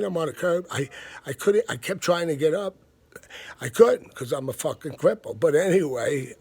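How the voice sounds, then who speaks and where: A man's voice: fairly high pitch, darkish tone. A man, telling a story in a blunt, profane, casual rant. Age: 50s. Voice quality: gravelly, husky. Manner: profane, blunt, laughs between lines.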